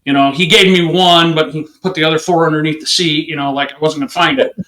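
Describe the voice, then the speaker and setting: A man, a police officer and interview guest, telling a story in a lively, conversational way and acting out the people in it. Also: fairly high pitch, quick pace, roomy sound, poor audio. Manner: conversational, peppered with "you know". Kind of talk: animated anecdote telling.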